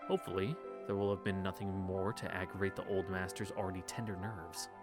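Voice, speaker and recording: A man's voice: low-pitched, fairly even intonation, fairly quick, loud music behind the voice. A man reading a visual novel aloud in a casual read-through, stumbling on words and correcting himself with wry asides.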